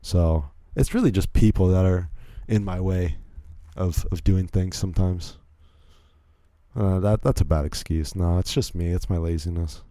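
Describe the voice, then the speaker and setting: Low, dark-voiced young man rambling. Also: a little slow, no room sound. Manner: rambling, self-deprecating, many restarts. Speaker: podcast host. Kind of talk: casual monologue.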